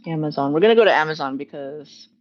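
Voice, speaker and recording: A woman's voice: low voice, fast, muffled recording. Rambling woman chatting on a livestream. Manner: rambling, self-correcting, chatty with frequent laughs. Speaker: livestream host. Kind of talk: casual live Q&A chat. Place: at home.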